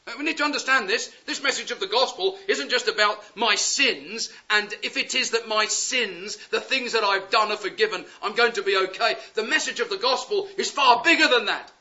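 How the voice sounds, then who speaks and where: A man preaching a sermon, impassioned and pleading, swinging from loud urgent appeals to hushed words. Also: high voice, brisk, few pauses. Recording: dull lo-fi sound.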